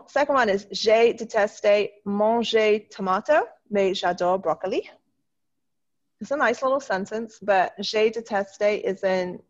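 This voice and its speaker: A woman teaching a French class online, encouraging her students and slowing down to model the French words. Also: medium pitch, dull audio. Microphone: video call.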